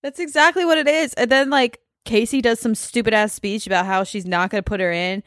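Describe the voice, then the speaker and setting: A woman's voice: fairly high pitch, a little fast, fairly bright tone, dry recording, clean studio sound. A woman co-hosting a casual recap podcast, blunt and exasperated, swearing freely. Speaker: podcast co-host. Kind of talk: casual chat.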